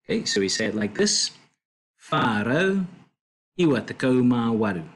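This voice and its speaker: Man, language tutor, husky voice, patient step-by-step explaining, casual lesson. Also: mid-range voice, sing-song. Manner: slow, patient explaining with fillers and self-corrections.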